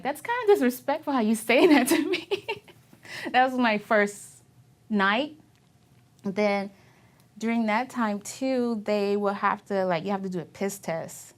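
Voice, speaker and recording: Young woman navy vet in an interview, chatty and candid, laughs a lot while telling stories, middle pitched voice. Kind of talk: casual interview recollection.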